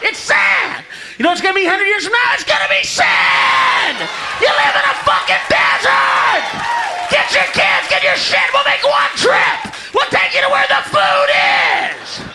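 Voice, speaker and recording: A man playing an enraged, profane American man who yells and curses, recorded live with a noisy crowd behind. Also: extremely high pitch, lively intonation, brisk, loud music behind the voice. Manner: ranting, cursing, shouting. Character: furious profane American man yelling at villagers.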